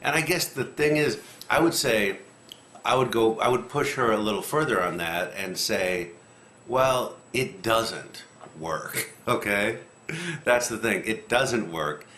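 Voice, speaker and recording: A man casually talking through a Bible passage, rambling a little and acting out the quotes with lively rises in pitch. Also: measured pace. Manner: animated, acts out quotes with rising pitch, rambling. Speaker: lectionary commentator. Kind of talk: casual scripture discussion. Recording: echoey room, faint noise.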